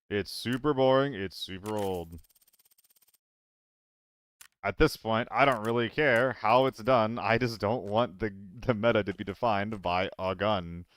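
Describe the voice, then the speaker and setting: Low-voiced man streaming a shooter game. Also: a bit bright, clean tone, dry recording. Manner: rambling, talks to chat while playing. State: hiccuping and clearing throat. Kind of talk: casual gameplay commentary.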